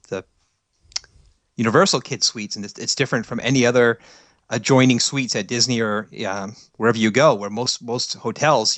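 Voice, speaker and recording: A man's voice: medium pitch, a bit bright, no echo. A man, a podcast guest chatting casually and unhurriedly, laughing now and then.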